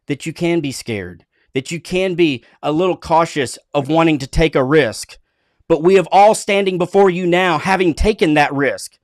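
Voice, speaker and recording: Earnest higher-pitched motivational man. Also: no echo, studio quality. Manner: earnest, repetitive, preachy. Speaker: co-host of a live online business show. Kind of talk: motivational livestream talk.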